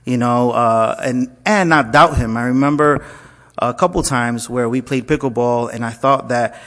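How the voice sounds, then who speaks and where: A man's voice: medium pitch, moderate pace. A man, a pastor, telling a personal story to his listeners, acting out the dialogue and checking in with frequent asides. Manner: animated storyteller, acts out quoted dialogue, frequent "okay?" asides.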